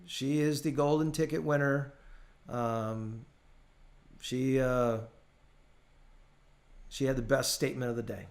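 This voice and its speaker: A man's voice: medium pitch, takes it slowly, long pauses. A man running a casual live training class over a video call, telling stories and acting out the people in them. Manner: animated storytelling, acts out his clients' voices. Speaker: real estate trainer.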